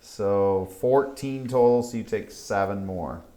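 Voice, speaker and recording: A man's voice: fairly low pitch, unhurried, dark tone. A man running a tabletop game as dungeon master, talking through rules in a matter-of-fact way.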